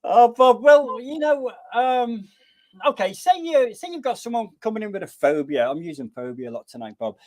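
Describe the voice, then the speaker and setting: A man hosts a casual online interview and reads out questions from viewers. His voice sits high and swings widely in pitch. He sounds at ease with his guest. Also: lively intonation, normal speed, a little mellow. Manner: reads audience questions, laughs easily. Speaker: host.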